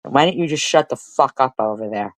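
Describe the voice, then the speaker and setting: A middle-aged woman with a very low voice rants on her stream. She mocks and curses at a clip she plays. The sound is dry and close. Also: expressive, a little fast, no room sound, low-quality recording. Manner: profane, mocking, talks back at a played clip. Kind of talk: heated commentary over played clips.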